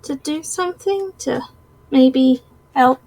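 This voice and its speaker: A woman's voice: high voice, takes it slowly, rough recording. A woman voicing Pike, an earnest young adventurer who speaks hesitantly in a tabletop game. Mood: worried. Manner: hesitant, soft-spoken.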